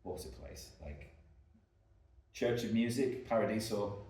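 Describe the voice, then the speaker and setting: A man's voice: lowish voice, animated, unhurried, a little mellow. A man co-hosting a podcast, telling rambling travel anecdotes with lots of likes and ums. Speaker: podcast co-host. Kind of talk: casual anecdotal chat. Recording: echoey room, mic at a distance.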